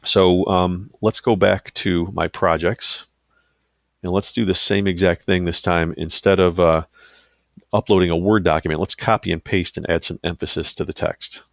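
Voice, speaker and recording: A man casually talking through a software tutorial, thinking aloud with loose fillers and asides. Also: low voice, steady tone, normal speed, vocal fry, no echo, clean studio sound. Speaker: teacher giving a software tutorial. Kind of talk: screen-recorded tutorial.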